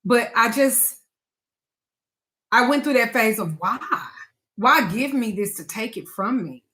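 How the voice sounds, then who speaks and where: A woman's voice: fairly high pitch, lively intonation, unhurried, pushed and bright. A woman speaking to her audience as a spiritual advisor and tarot reader, frank and emphatic, with blunt swearing. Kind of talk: candid talk to camera.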